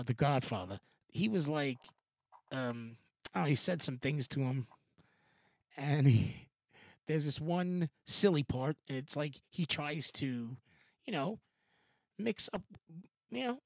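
A man hosts a podcast in a rambling, loose way, full of restarts, fillers and swearing. His voice is gravelly, and his pitch swings widely. The sound is dry and close. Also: no room sound. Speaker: podcast host. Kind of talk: casual rambling commentary.

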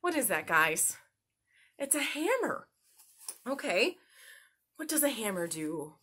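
Children's host, woman, high bright voice, slow and sing-song, coaxing little ones along. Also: breathy edge. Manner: animated, sing-song, talks straight to the kids. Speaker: children's story time host. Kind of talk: teaching letters and singing to young children.

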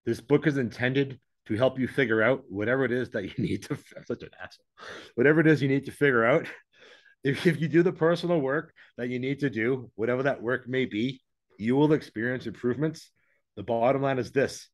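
A man's voice: mid-range voice, a little fast. A man being interviewed as an author, talking frankly and in a rambling, self-deprecating way over a video call. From English-speaking, living in Mexico. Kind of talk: candid conversational interview.

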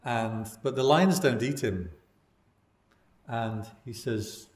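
A man teaching meditation as a Buddhist monk, giving a dhamma talk in a relaxed storytelling way with wry asides. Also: mid-range voice, slow pace, long pauses. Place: meditation class in a room. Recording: roomy echo.

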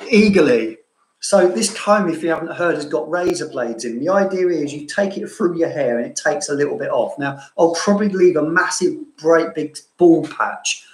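A man from southeast London with a London accent softened by Cambridge, chatting casually and self-mockingly to viewers as he answers their questions, laughing often. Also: on the high side, reverberant, low-quality recording. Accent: London with a bit of Cambridge. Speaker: fragrance vlogger.

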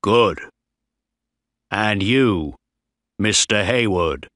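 A man voicing a strict, stern ship's captain who barks orders at his crew in a slow, dry storybook reading. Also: lowish voice, lively intonation, a bit bright, no room sound, exaggerated voice. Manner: barking orders.

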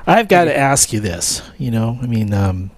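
A man hosting an interview, asking questions in a halting way as he searches for words. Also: mid-range voice, very animated. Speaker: interview host.

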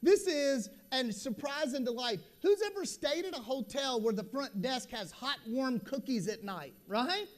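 A middle-aged man giving a conference keynote, telling stories in a folksy, animated way with asides to the audience. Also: very high voice, unhurried, hardly any pauses. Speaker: school superintendent giving a keynote. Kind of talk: storytelling conference talk.

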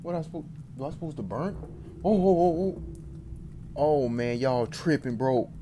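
A man streaming a horror game, jittery, talking back to it and insisting he is not scared, swinging between loud outbursts and low muttering. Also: expressive, normal speed, noisy background. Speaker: gaming streamer.

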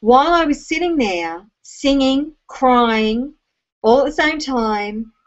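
Teary Australian woman, slightly high voice, halting personal storytelling with many ums, dull lo-fi home recording. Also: animated. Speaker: speaker addressing an online audience. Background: rain.

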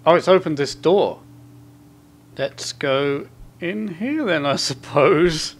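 A man giving horror game commentary, muttering asides to himself and reading in-game notes aloud in quick bursts. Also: fairly high pitch. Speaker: gameplay commentator.

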